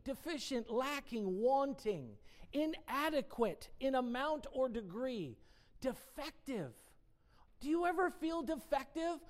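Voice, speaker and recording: Lively woman teaching from the Bible. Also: sits high. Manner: reads definitions aloud, then asks the listener rhetorical questions; emphatic, dwells on single words. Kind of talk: casual devotional Bible teaching.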